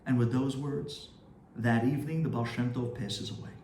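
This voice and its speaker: A man, a rabbi, telling a story in a sermon with animated, dramatic delivery. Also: mid-range voice, normal speed, recorded from a distance, a little hiss or hum. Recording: roomy echo, faint ambience.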